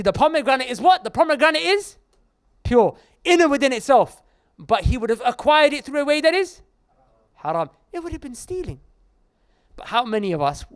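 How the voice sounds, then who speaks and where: A man preaching with an animated delivery, his pitch swinging up and down as he talks straight to the crowd. He mixes jokes into the sermon. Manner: animated, joking and addressing the crowd directly. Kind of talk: lively sermon to a live audience. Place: Islamic centre hall.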